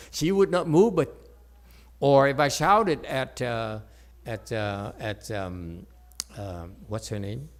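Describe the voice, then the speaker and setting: Slow and mid-range, the voice is that of a Chan meditation teacher addressing a live audience in a meditation center hall. His Buddhist dharma talk is playful and jokey, with frequent check-ins with the listeners.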